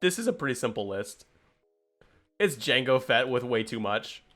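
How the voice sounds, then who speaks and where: Lively, bright-voiced male stream host. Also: mid-range voice. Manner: rambling, animated storytelling with quick impressions. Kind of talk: casual game commentary.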